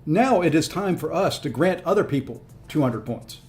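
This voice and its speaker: A man's voice: on the high side, animated, normal speed, very noisy. Rueful man talking over a game. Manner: rueful, self-talking, coaxing the opponent. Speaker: gaming streamer. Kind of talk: casual gameplay commentary.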